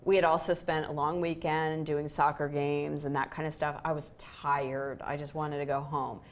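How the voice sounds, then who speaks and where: A woman's voice: sits low, level tone, moderate pace. A woman co-hosting a relationship show, telling a story candidly and acting out quoted lines with animation.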